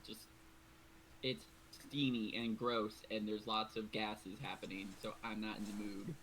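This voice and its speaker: A player in a casual tabletop game, chatty and quick to laugh. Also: medium pitch, flat delivery, fairly bright tone, slight background noise, low-quality recording.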